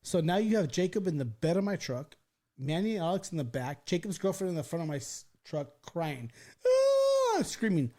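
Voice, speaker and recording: A man hosting a podcast, telling a story in a casual, animated and profane way, acting out the people he quotes. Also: on the high side, a little fast. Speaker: podcast host.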